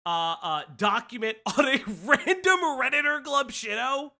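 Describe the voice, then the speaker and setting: An American man hosting a casual livestream commentary, rambling and excitable with lots of stammered restarts. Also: very high voice, measured pace. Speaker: streamer host.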